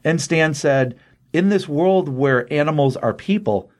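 A man casually recapping a comic book story, lively, with quick voices for the characters he quotes. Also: fairly high pitch.

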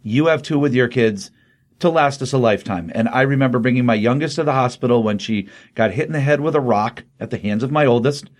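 A middle-aged man co-hosting a podcast, casually retelling comic plots in a chatty way with frequent fillers. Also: mid-range voice. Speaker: podcast co-host reviewing comics. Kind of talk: casual review chat.

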